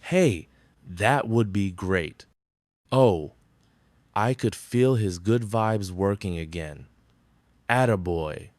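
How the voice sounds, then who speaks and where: An actor playing a gruff middle-aged diner owner who whines and pleads, in sitcom acting. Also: male voice, lowish voice, takes it slowly, long pauses, darkish tone, no echo, studio quality. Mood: eager. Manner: whiny, pleading. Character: gruff middle-aged male diner boss, desperate gambler.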